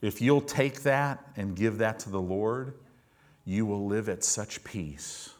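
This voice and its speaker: A man's voice: on the low side, slow pace. A man preaching a sermon as a pastor, telling stories and acting out the voices of the people he quotes, while the congregation calls back in the church service.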